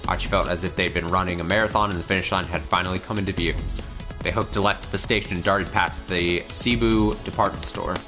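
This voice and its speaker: A man's voice: low-pitched, fairly even intonation, fast, music in the background. A man reading a visual novel aloud on stream, breaking off to laugh and comment. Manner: reads the story text, breaks off to laugh and comment. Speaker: let's play streamer.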